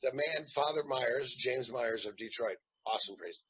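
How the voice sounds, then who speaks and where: A man in his fifties, an actor guest telling jokes and stories in a lively, animated way during a casual interview. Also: medium pitch, moderate pace, breathy edge. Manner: animated joking storyteller. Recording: dull lo-fi sound.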